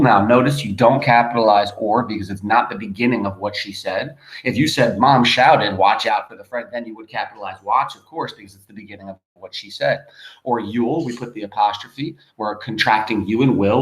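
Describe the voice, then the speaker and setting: A man's voice: fairly low pitch, a bit bright, roomy sound, poor audio. A man teaching a grammar lesson, patient and emphatic, spelling words out letter by letter. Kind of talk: grammar lesson over a screen.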